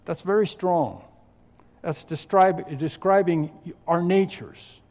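A man preaching a sermon as pastor, teaching through a scripture passage with slow, emphatic stress on key words and some dry humor. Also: high voice, a little mellow. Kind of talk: expository sermon. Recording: long hall reverb.

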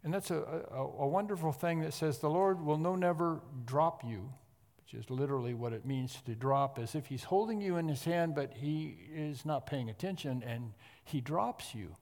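Pastor guy preaching, earnest, kinda high voice, long echo like a big church. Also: moderate pace, darkish tone. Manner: earnest preaching with emphatic rises. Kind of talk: sermon. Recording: long hall reverb.

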